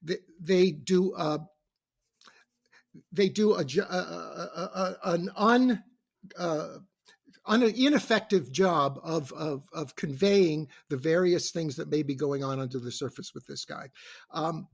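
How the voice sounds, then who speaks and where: A man arguing as a guest prosecutor in a casual podcast debate, halting and restarting with many fillers as he lectures like a professor. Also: a little high, creaky. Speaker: guest prosecutor in a mock trial.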